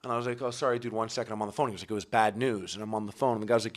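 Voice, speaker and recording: A Canadian man, a podcast guest, chatting casually and acting out gruff exchanges as he tells stories. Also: on the low side, fairly even intonation, racing, hardly any pauses. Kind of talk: casual chat.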